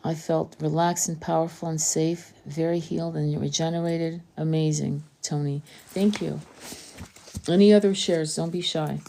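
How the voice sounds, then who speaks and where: Low-pitched woman hosting an oracle stream, coaxing viewers to open up. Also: fairly even intonation, normal speed, vocal fry, dark tone. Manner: encouraging, coaxing viewers to share. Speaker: tarot and oracle reader hosting a live stream. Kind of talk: live-streamed spiritual session.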